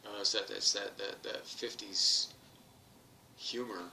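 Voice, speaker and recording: A man's voice: lowish voice, steady tone, slow, creaky, pushed and bright, recorded from a distance, slight background noise. A man from Texas, an author hosting his own channel, talking casually to camera in a rambling way, repeating words, restarting sentences and chuckling at his own jokes. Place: home in England.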